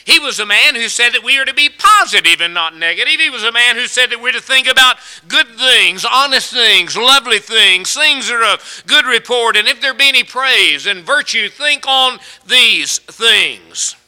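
A man's voice: very high voice, expressive, normal speed, hardly any pauses, sharp tone, smooth. A man preaching a sermon to a congregation, mixing scripture with folksy stories and building emphasis. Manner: folksy storytelling with rising emphasis.

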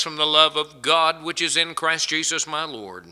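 Bright-voiced male preacher with dramatic swings. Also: clean tone. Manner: dramatic swings between loud emphatic peaks and hushed low phrases; quotes scripture in slow, drawn-out delivery. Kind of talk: sermon.

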